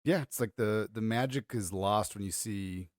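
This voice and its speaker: A man co-hosting a podcast in casual chat, telling stories fast and acting out other people's lines. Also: lowish voice, dry recording, clean studio sound. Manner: quick, animated storyteller who acts out quotes. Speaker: podcast co-host. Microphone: podcast microphone.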